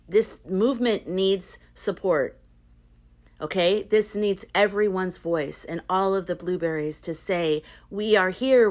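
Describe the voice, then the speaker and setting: A woman retelling a story and urging her viewers, chatty and earnest, with loose restarts and fillers. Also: fairly low pitch. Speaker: spiritual vlogger. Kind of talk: casual retelling and pep talk to viewers.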